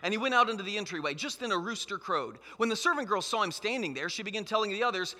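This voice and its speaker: A man's voice: high-pitched, lively intonation, fast talker, few pauses, sharp tone. A man preaching a sermon as pastor, emphatic and conversational, in a church hall. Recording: long hall reverb.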